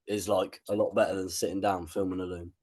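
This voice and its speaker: Halting low-voiced man on a call. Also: level tone, a little mellow. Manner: halting, informal. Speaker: call participant. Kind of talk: asking a question on a group call. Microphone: video call.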